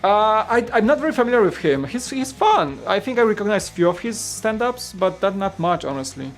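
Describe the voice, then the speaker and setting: A man's voice: high voice, sing-song, fairly quick, soft background music. A man from Poland, hosting a casual livestream and chatting rambly with viewers. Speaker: host.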